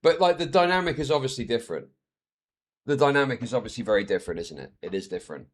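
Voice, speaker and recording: A man's voice: mid-range voice, animated, fast talker. A man ranting as a streamer reacting to clips, heated, sweary and exasperated.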